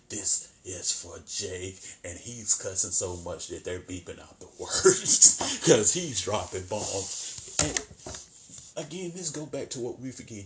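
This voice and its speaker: Male vlogger, low-ish voice, loose colloquial recap, laughs a lot. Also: a little hiss or hum. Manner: animated, colloquial, laughs often. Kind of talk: casual commentary.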